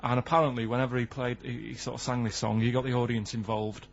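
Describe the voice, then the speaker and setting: A man with a Mancunian accent, a regular on a radio show, talking in a deadpan, literal-minded way. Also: mid-range voice, quick pace, creaky, slight background noise. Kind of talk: casual radio banter. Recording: slightly dull lo-fi radio recording.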